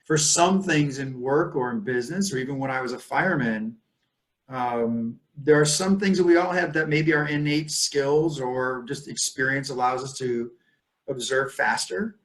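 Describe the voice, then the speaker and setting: Fifty-something guy, guest, talks frank and thoughtful, middle pitch. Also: moderate pace, fairly bright tone. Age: 50s. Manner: candid, reflective, mid-pitched. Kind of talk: casual conversation.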